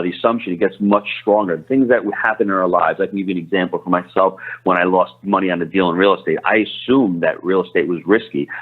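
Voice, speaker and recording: Fast-talking low-voiced man on a phone line. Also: husky. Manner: rapid, energetic, frequent restarts. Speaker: podcast guest, real estate investor. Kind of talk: interview answers.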